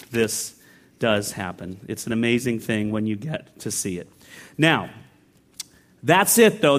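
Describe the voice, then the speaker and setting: A middle-aged man preaching a sermon as a pastor, telling stories in a lively, conversational way that builds to excited peaks. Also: medium pitch. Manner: storytelling, rising to excited peaks. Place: large church sanctuary.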